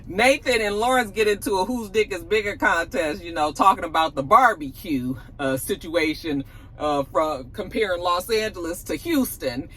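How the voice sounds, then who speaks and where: Bright-voiced woman recapping TV. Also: lowish voice, lively intonation, moderate pace, breathy edge, poor audio. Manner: chatty, slangy, laughs often. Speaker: TV episode reviewer. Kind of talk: casual TV recap.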